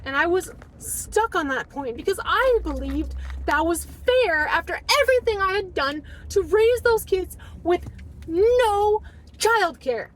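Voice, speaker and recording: A young woman with a high voice tells her personal story to the camera in casual, emotional vlog talk, peppered with "like". Faint background noise sits under her voice. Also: expressive, a little slow, few pauses, a bit bright. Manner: emotional, re-enacts past arguments, heavy use of "like". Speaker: vlogger telling her own story.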